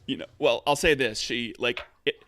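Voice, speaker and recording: A man's voice: medium pitch, moderate pace, bright, forceful tone, a little hiss or hum. A man narrates a tabletop game as game master. He talks in a loose, rambling way, backtracking and restarting his sentences as he describes the scene. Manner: rambling, many fillers and restarts.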